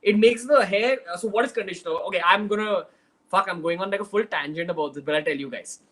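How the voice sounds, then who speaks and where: Over a rough recording, a young man hosting a casual livestream Q&A speaks fast in a high-pitched, sharp voice. He's from Mumbai, has a Mumbai Indian English accent, and keeps things chatty and direct while mixing in Hindi phrases.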